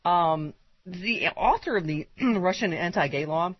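Male radio co-host, husky and animated, joking news reader, dull lo-fi broadcast. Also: high voice, a little slow, no echo. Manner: chatty, reads news aloud, joking asides. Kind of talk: talk radio banter.

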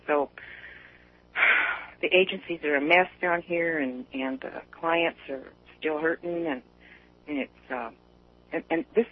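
A man's voice: a little high, takes it slowly, long pauses, a little hiss or hum. A man on a call-in radio show, rambling in casual chat with many fillers and restarts, heard over a phone line.

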